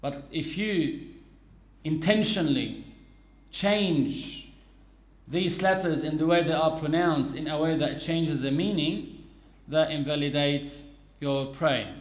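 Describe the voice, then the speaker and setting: Man, religious teacher, patient explanatory lesson, fairly high voice, echoey room. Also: slow pace, long pauses. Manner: patient, explanatory, quotes Arabic phrases.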